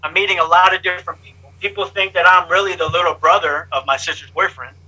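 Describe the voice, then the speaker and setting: A man's voice: high-pitched, fast talker, slightly rough, muffled recording. A man being interviewed, telling his life story candidly in blunt, streetwise language and acting out what others said. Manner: lively, acts out other people's lines. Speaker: interview guest.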